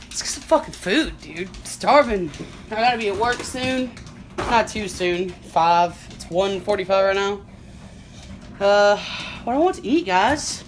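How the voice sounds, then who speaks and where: A woman's voice: mid-range voice, expressive, measured pace, slight background noise. A young adult woman vlogging in a casual, profane, slangy way, filmed on a handheld phone outdoors by her car. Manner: laid-back, profane, slangy. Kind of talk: casual vlog chat.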